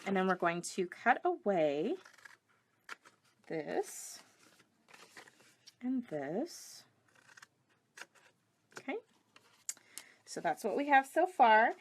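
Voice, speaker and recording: A woman's voice: medium pitch, very animated, drawn-out words, pauses often, slight background noise. A middle-aged woman demonstrating a paper craft project live, chatting and greeting viewers between steps. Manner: chatty, reads viewer comments aloud.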